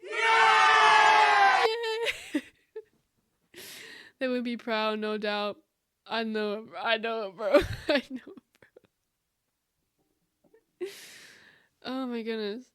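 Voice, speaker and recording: A woman's voice: a little high, steady tone, takes it slowly, pauses often, clean tone, some chatter behind. Giggly, effusive woman streamer. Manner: giggly, often laughing, calls viewers "bro"; emotional and effusive. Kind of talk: casual live-stream chat.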